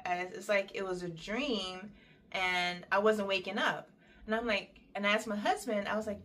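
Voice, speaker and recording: Speaking at normal speed, this young woman shares a personal anecdote in a relaxed, talkative, detailed manner. Her quoted lines come out in animated voices with big pitch jumps.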